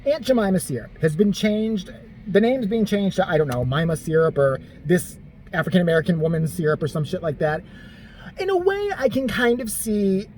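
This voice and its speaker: A man ranting on a vlog, exasperated and crude, swearing constantly. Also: a little hiss or hum. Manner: animated, jumps between high and low pitch. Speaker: vlogger. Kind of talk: profane comedic rant.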